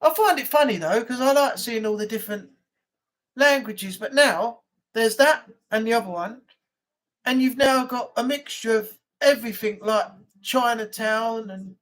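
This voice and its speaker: A man's voice: very high-pitched, moderate pace, a bit bright. A man with an English accent hosting a casual live chat, telling stories in a rambling, blunt way.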